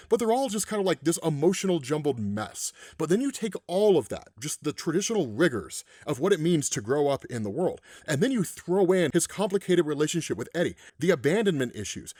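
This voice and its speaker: A male host recapping comics in a casual, ranting way, often tossing in "right?". His voice is fairly high and swings widely in pitch. The recording is dry and close. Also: no room sound. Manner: animated, ranting, keeps asking "right?".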